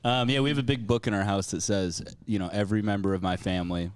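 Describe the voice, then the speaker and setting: A man hosting a podcast in casual chat, easygoing and quick to laugh. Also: fairly low pitch, steady tone, smooth, no room sound. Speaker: podcast host.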